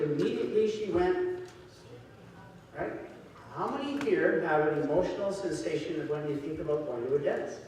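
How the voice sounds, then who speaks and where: A man speaking to an audience in a lecture hall, weaving stories and acting out the people in them, his voice a little high for a man. He is picked up from a distance, with long reverb ringing around the big room and a faint hum of ambience. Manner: storytelling with acted-out voices. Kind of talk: seminar talk to an audience. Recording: echoey hall, distant mic.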